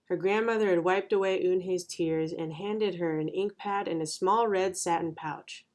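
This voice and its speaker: Gentle storytime reader. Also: medium pitch, normal speed. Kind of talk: children's storybook read-aloud.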